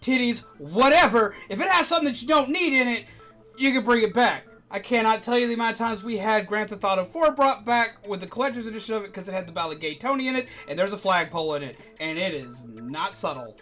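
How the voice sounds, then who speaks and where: A streamer and former game store manager telling stories in casual chat, animated, with loud indignant outbursts. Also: medium pitch, fast, faint music behind.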